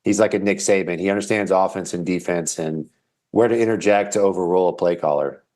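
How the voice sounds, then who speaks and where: A man who is a former quarterback, a guest on a sports talk show, explaining football strategy in a measured way. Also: sits low, darkish tone.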